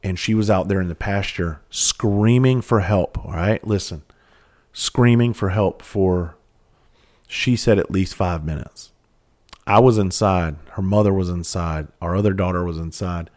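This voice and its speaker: A man with a very low, deep voice tells a personal story in a blunt, unpolished way. He swears freely and restarts his sentences as he talks. He speaks with the deliberate weight of a former first responder. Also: darkish tone. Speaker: father telling a personal story. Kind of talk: candid personal storytelling monologue.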